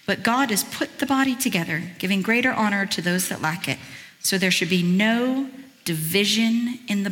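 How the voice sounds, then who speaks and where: Woman preaching in an echoing church. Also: mid-range voice. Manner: conversational, with chatty asides; reads scripture aloud in a lively voice. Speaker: guest speaker. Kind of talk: sermon.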